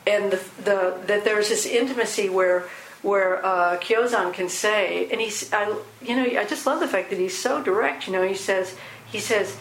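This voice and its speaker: A woman's voice: mid-range voice, normal speed. A woman leading a group discussion, talking in a thoughtful, rambling way with many fillers and restarts. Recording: roomy echo, faint background hiss.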